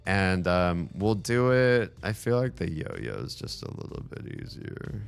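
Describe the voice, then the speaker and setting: A man with a very low voice talks his way through a video game in a loose, rambling way and curses offhandedly. His voice is getting worn and hoarse, and quiet game music plays faintly underneath. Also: sing-song, a little slow. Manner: rambling, swears casually. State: losing his voice. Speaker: gameplay commentator. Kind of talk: casual let's-play commentary.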